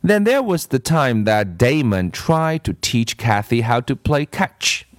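A man's voice: medium pitch, sing-song, unhurried, dry recording, clean studio sound. A man reading a children's story aloud with playful asides to the listener. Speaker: reader.

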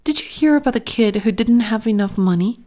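A woman's voice: fairly high pitch, animated, a little fast, warm tone, close to an everyday voice. A woman voicing a gossipy schoolgirl in a storybook reading. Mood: teasing.

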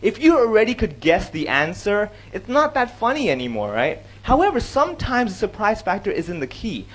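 A man on stage giving an animated talk about comedy, acting out jokes and switching between English and Cantonese. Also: high-pitched, normal speed, low-quality recording. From Hong Kong. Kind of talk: talk on comedy with joke examples. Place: stage before an audience.

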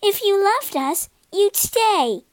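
A woman's voice: very high-pitched, very animated, slow, dry recording, voice pushed up, full character voice. A woman voicing two selfish young sisters with a wailing, sulky manner. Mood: whining.

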